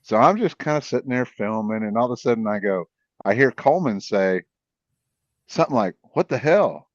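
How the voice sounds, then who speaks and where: A man, a podcast guest, telling a field story in a rambling, animated way with many restarts. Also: on the low side, brisk, no echo. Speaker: podcast guest, cryptid investigator. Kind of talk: casual storytelling. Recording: dull, dry, lo-fi sound.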